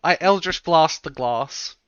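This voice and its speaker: Guy playing a tabletop game, bright crisp voice, ums a lot, kinda lo-fi mic. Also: on the high side, unhurried, dry recording. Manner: hesitant, many fillers. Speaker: player.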